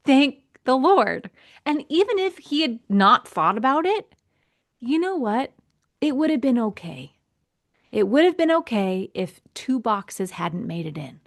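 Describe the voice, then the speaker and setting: Woman, podcast host, casual storytelling, animated, acts out voices. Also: medium pitch. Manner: animated, acts out quoted voices, laughs often.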